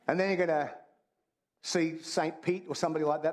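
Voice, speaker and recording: Man preaching a lively, joking sermon. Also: fairly high pitch, a little fast. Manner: conversational and humorous, repeats phrases. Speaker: pastor.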